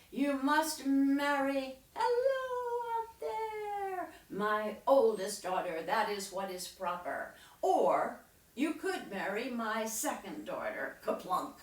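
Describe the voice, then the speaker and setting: A woman's voice: mid-range voice, very animated, slow pace. A hot-tempered storybook king barks out his orders, voiced by a woman telling the tale. The delivery is firm and commanding. It sounds distant and roomy, like a live performance taped from across the hall. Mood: stern.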